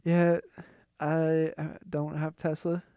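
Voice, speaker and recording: A young college-age man with a Pittsburgh accent and a fairly high, smooth voice. He chats in an easygoing way and often breaks into laughter, recorded dry and close. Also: monotone, slow pace, mellow, dry recording. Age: young adult. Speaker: co-host. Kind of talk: casual chat.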